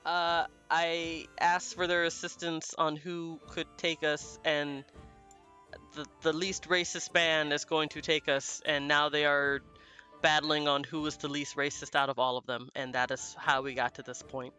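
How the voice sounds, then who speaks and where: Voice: medium pitch, little pitch movement, a little slow, pushed and bright, faint music behind. A player in a tabletop game, talking hesitantly with many fillers. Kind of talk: in-character tabletop play.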